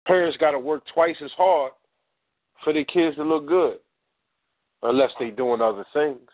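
A man's voice: on the high side, normal speed, no echo. A man co-hosts a call-in radio show, making his points in a conversational, emphatic way and speaking straight to the listeners. His voice is dry and comes through a thin, tinny phone line. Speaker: talk radio co-host. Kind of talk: casual talk radio commentary.

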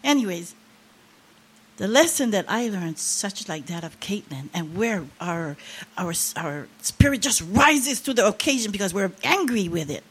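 A woman's voice: medium pitch, sing-song, a little slow, breathy edge. An older woman preaching a sermon, sharing an emotional testimony with rising, impassioned emphasis.

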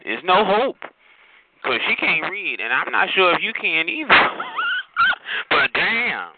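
A man's voice: high-pitched, big pitch swings, slow pace. A man hosting a phone chat line, mocking a caller with campy taunts and calling him child and honey. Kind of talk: sassy mocking roast. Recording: tinny phone line with hiss.

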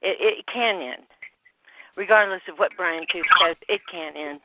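A woman's voice: lowish voice, very noisy. Breathless woman rambling over a phone line. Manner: halting, trailing off, many fillers. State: slightly out of breath. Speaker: call participant. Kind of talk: rambling phone call chat. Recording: dry phone-line audio.

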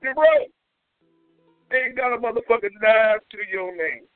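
High-pitched, whooping, profane ranting man. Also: measured pace, no echo, faint music behind. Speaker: call-in show host. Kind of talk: comedic call-in radio rant. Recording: tinny phone-line audio.

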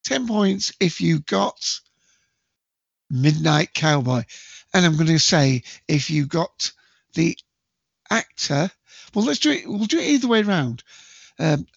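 A man hosting a casual movie quiz, chatty and jokey, with bursts of loud quote acting. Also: a little high, big pitch swings, slow, gravelly, long pauses, no room sound. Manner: chatty, jokey, self-mocking, acts out movie quotes loudly. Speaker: quiz host. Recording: dull lo-fi dry home recording.

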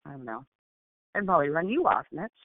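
Co-host: playful man who laughs constantly, high voice, thin phone-line sound. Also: big pitch swings, quick pace, no room sound. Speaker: podcast co-host. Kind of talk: casual chat.

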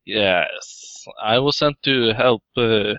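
A man playing a tabletop game, speaking his character in first person in a halting way, full of uhs. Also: fairly low pitch, fairly bright tone, no echo, dull audio. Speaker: player. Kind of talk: casual tabletop game role-play.

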